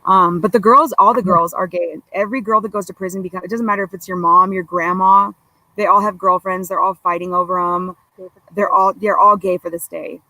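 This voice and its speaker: Young woman guest, blunt and sweary, gravelly bright voice, rambles on. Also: lowish voice, steady tone, brisk, no echo, poor audio. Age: young adult. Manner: blunt, profane, rambling with many fillers. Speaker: podcast guest. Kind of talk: casual storytelling chat.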